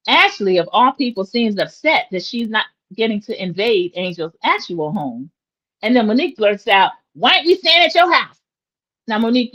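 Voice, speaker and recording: A woman in her forties talks through a reality TV episode in a casual, opinionated way, calling out to her viewers. Her voice sits at a middle pitch. The recording is dull and lo-fi, like a home setup. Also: fairly bright tone. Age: 40s. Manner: opinionated, chatty, addresses viewers as y'all. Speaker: recap host.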